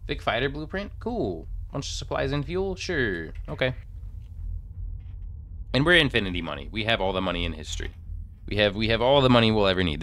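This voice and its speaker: A man's voice: lowish voice, fairly bright tone. A young man streaming a video game, thinking aloud and rambling through menus in casual commentary into a desk microphone.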